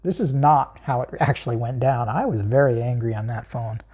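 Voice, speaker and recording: Low husky woman telling her story. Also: brisk, mellow. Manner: emphatic, chuckles often, asks herself questions. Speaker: channel host recounting a personal story. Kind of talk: personal storytelling monologue.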